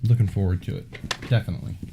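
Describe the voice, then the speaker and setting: A man hosting a casual unboxing video, talking in an unhurried way with wry asides. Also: sits low, fairly even intonation, vocal fry, background noise. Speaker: unboxing vlog host.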